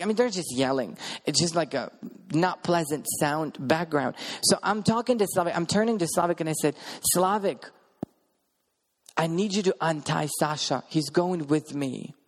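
Man preaching in a reverberant hall. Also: on the high side. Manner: earnest, recounts events in vivid present tense with restarts. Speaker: preacher sharing a testimony. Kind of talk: sermon storytelling.

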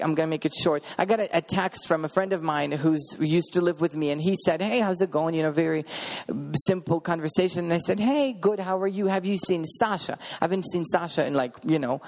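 A man preaching a sermon and telling a testimony, emphatic, repeating his words and asking the audience questions. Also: a little high.

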